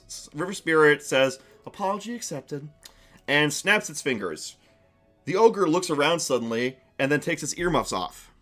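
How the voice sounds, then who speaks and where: A man's voice: a little high, pushed and bright. A man narrating a tabletop game on his stream, casual and chatty, with lots of restarts.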